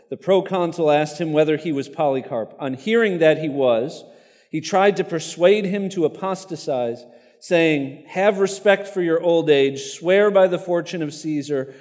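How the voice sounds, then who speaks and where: A man's voice: fairly high pitch, darkish tone, in a large hall. A man preaching a sermon, reading a martyr story aloud in an earnest tone with casual asides to the congregation.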